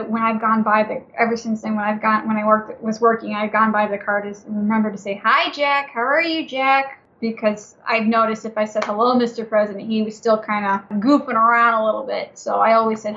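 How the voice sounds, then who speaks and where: A woman's voice: on the high side, fairly bright tone, dull audio. A woman who once guided museum tours, chatting as a podcast guest and recounting stories in a casual, anecdotal way. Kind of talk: telling ghost stories in a casual interview.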